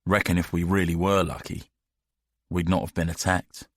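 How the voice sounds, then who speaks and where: Guy doing a blunt grumbly sergeant, low voice, dry and close. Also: flat delivery, moderate pace, no echo. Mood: scornful. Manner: blunt, scornful. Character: blunt world-weary male army sergeant. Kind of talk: audiobook character voice.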